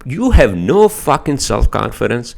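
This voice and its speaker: A man hosting a podcast alone, delivering an angry, profane rant full of filler words and loud rising jabs of "all right?", at home by his desktop computer. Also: medium pitch, sing-song, unhurried, gravelly. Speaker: podcast host. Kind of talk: casual solo podcast rant.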